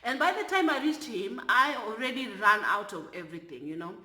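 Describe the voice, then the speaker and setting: A woman, a flight attendant, telling a story from work in an animated way that turns loud when she is exasperated. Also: mid-range voice, fairly quick, echoey room. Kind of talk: storytelling vlog.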